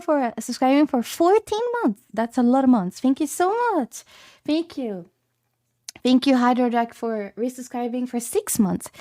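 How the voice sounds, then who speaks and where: Bubbly high-voiced woman streamer. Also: a little mellow, no room sound, studio quality. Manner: bubbly, giggly, repeats greetings playfully. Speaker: livestreamer. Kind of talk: casual livestream chat with viewers. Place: at home.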